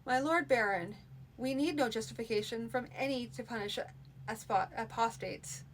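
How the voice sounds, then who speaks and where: A woman's voice: fairly high pitch, moderate pace, a little hiss or hum, close to an everyday voice. A woman voicing a harsh, proud male priest in a fantasy story reading, righteous and unbending.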